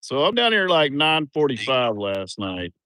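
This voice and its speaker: A man, rambling casually on a livestream from a farm, with bursts of loud excitement. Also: mid-range voice, a little slow, clear, resonant tone, no room sound, clean studio sound. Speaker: livestream host.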